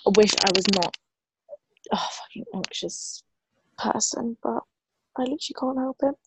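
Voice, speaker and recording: A woman's voice: on the high side, fairly quick, background noise. A young woman in her twenties talking hesitantly in a casual heart-to-heart chat, with many fillers.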